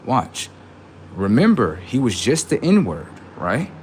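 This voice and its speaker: Live streamer guy rambling, pitch jumps all over, a bit of faint hiss. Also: huge pitch swings, slow, a little mellow. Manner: rambling, repetitive, asks "right?" often. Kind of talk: live-stream commentary and storytelling.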